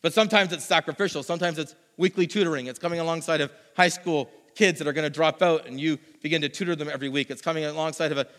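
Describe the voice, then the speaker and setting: A high, quick-talking man preaches, his voice bright and lively. He tells stories with animated mimicry as a long hall reverb trails each phrase. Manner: animated storytelling, mimics others. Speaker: pastor. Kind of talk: sermon with personal story.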